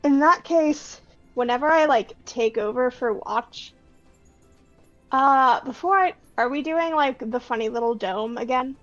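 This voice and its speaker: A woman tabletop player explaining her plans haltingly, padding her talk with fillers. Her voice is somewhat high, and it comes through a slightly muffled, lo-fi mic. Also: faint music behind. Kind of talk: casual chat.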